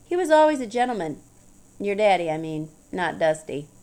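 A woman's voice: mid-range voice, big pitch swings, moderate pace, darkish tone, close to an everyday voice. A woman voicing a tall, tough, blunt woman with a wry, drawling, teasing manner in an audiobook.

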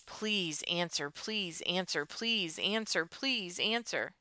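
A woman's voice: fairly low pitch, normal speed, bright, forceful tone, clear, resonant tone, dry recording. A woman voicing an anxious teenage girl stranded after a crash, speaking with urgent, pleading strain.

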